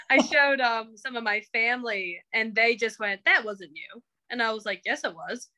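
A woman's voice: on the high side, measured pace, sharp tone, poor audio. A young woman telling her story to her coach in a casual interview, acting out what she and others said. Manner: chatty, acts out quoted remarks. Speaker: coaching client.

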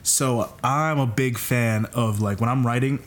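A young man from Canada hosting a casual podcast, telling animated, joking stories. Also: medium pitch, measured pace, slight background noise. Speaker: podcast host.

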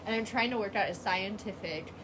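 A woman's voice: medium pitch, a little fast. A young woman co-hosting a podcast in casual chat, giggling often and musing aloud. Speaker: podcast co-host. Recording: clear background noise.

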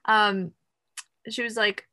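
A woman's voice: medium pitch, slow pace. A young woman co-hosting a podcast, telling a story in a casual, rambling way with lots of "like" and fillers. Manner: animated, rambling with many fillers and "like". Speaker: podcast co-host.

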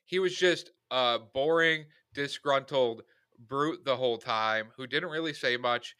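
A man's voice: mid-range voice, unhurried, clear, resonant tone, no echo, studio quality. A man co-hosting a podcast, reviewing a movie in casual chat and acting out quoted lines. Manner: animated, opinionated, acts out quoted lines. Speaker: podcast co-host, film reviewer.

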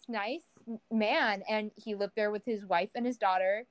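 A young woman co-hosting a podcast, chatting casually and telling an animated story, acting out quoted people with big pitch jumps. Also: moderate pace, no room sound, low-quality recording. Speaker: podcast co-host. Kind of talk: casual chat.

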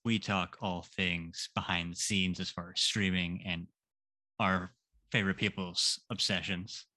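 A man's voice: low-pitched, steady tone, unhurried, sharp tone, dry recording. A man hosting a casual interview podcast, giving short affirmations and wrapping up the show. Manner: brief affirmations, wraps up the show. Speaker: podcast host.

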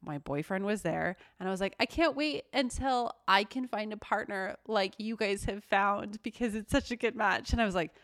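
A woman's voice: mid-range voice, normal speed, hardly any pauses, fairly bright tone, dry recording, studio quality. A woman in her thirties co-hosting a podcast, telling personal stories in casual chat and swearing often. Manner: storytelling, frequent swearing. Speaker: podcast co-host.

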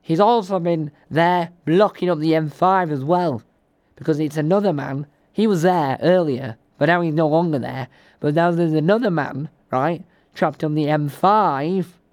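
A man's voice: a little high, moderate pace, a little mellow, no room sound, close to an everyday voice. A man voicing an eager traffic reporter called Sam in a comic radio sketch. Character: upbeat male traffic reporter.

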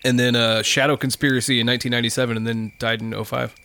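Mid-pitched man with blunt remarks. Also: little pitch movement, quick pace, gravelly, bright, forceful tone, smooth. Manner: blunt, profane interjections. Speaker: podcast co-host. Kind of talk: casual banter.

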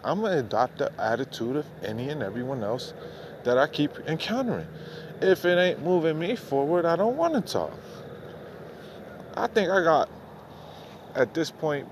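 A man talks in a rambling, heavily profane, exasperated way, circling back over the same points. He is recorded outdoors at night through a phone headset, with faint street and traffic noise behind him. His pitch sits in a mid range. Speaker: podcast host. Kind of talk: unfiltered late-night rant. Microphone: phone with headphones.

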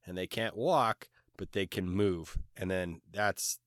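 Lowish-voiced, emphatic male co-host. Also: slow, a bit bright, no room sound, studio quality. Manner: enthusiastic, argumentative, swearing. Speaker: podcast co-host. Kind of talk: casual chat.

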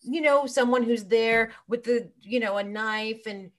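A woman's voice: on the high side, unhurried. A woman hosting an interview, asking loose, conversational questions with frequent fillers. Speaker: interviewer host. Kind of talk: casual interview.

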